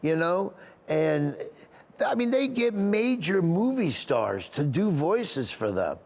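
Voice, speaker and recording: A man's voice: a little high, big pitch swings, slow. A comedian being interviewed, telling a story earnestly. He rambles and restarts often, and he openly gets emotional. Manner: rambling delivery with frequent restarts.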